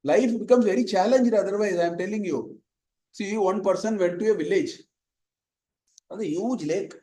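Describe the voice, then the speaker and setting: A man teaches a Vedanta lesson, telling little stories and working Sanskrit verses into an easygoing, digressive explanation. His voice sits high for a man, and the recording picks up a roomy echo around him. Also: normal speed, mellow. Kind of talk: spoken scripture lesson.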